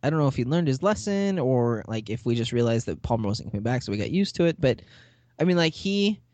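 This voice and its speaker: A fast-talking podcast host with a medium-pitched voice casually recaps a TV episode. His retelling is lively, full of acted-out character lines and laughs. There is no room sound.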